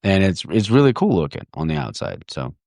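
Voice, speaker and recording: A man's voice: lowish voice, sing-song, fairly quick, gravelly, a little mellow, no room sound, studio quality. A man hosting a podcast in casual chat, laid-back and rambling with lots of fillers. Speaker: podcast host.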